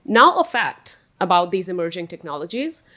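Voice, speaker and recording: A woman's voice: on the low side, big pitch swings, moderate pace, bright, forceful tone. Organized woman panelist making announcements. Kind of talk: panel discussion.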